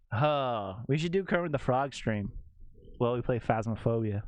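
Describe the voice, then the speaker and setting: Giggly excitable male streamer. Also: mid-range voice, slow pace, pauses often, no room sound, lo-fi sound. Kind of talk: casual chat.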